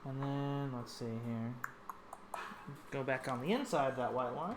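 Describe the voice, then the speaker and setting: A man chatting casually while painting a pinball playfield, low-key, rambling and often cutting himself off mid-sentence. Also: measured pace, pauses often, noisy background. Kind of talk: casual chat while working.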